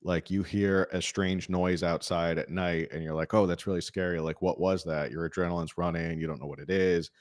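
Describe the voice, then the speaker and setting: A man's voice: low voice, steady tone, a little fast, few pauses. A man co-hosting a podcast, talking casually and rambling with many fillers. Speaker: podcast co-host. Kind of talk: casual chat.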